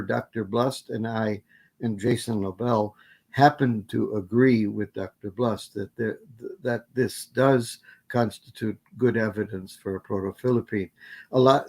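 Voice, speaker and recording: A man's voice: medium pitch, creaky. Rambling man answering questions. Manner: rambling, self-correcting with many fillers. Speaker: guest lecturer. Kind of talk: academic Q&A answer.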